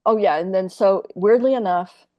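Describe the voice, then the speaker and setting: A woman's voice: mid-range voice, moderate pace, highs cut off. A woman in her sixties, a podcast guest telling a candid personal story in a rambling, profane way, full of fillers and restarts.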